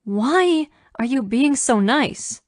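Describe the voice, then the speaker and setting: A woman's voice: high voice, lively intonation, slow pace, dry recording, exaggerated voice. A woman reading a wary young woman, independent and guarded, answering in clipped, defensive lines. The audiobook recording is dry and close.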